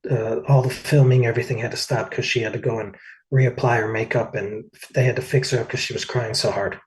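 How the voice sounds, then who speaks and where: Chatty man telling stories, middle pitch. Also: steady tone, fairly quick, low-quality recording. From United States. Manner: rambling, lots of "like" and "uh". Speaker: interview guest, singer. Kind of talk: casual storytelling.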